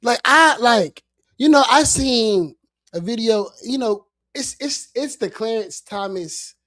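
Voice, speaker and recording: Podcast co-host, man, unhurried and halting, casual political talk, dry sound. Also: extremely high pitch, expressive, bright, forceful tone, dry recording. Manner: slow, halting, incredulous.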